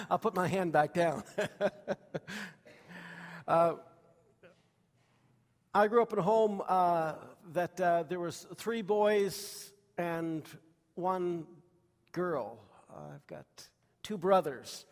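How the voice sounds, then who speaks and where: A man's voice: high-pitched, very slow, long pauses, big-room sound. A man preaching a sermon to a congregation, telling childhood stories in a folksy way with many fillers and questions to the room. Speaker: pastor.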